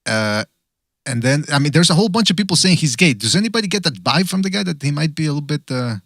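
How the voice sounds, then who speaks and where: A man's voice: fairly high pitch, animated, quick pace, fairly bright tone, dry recording. A man hosting a casual boxing podcast, swearing freely and reading viewer comments aloud with laughter. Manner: loose, profane, reads comments aloud with laughs. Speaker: podcast host.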